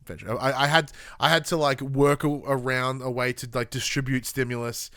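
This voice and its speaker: A man's voice: mid-range voice, level tone, fairly quick, sharp tone, smooth, no echo, studio quality. A tired man, co-hosting a podcast, telling stories animatedly and swearing freely in casual chat. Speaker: podcast co-host.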